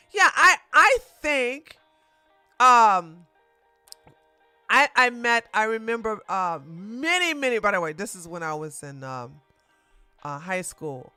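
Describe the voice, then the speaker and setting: A woman streamer giving casual livestream commentary while reviewing a show, animated and laughing often, with frequent restarts. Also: medium pitch, smooth, dry recording.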